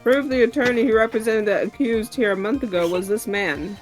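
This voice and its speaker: A woman reading aloud the slow, even lines of a cool, taunting male prosecutor from a game. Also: on the high side, faint music behind, lightly acted, poor audio.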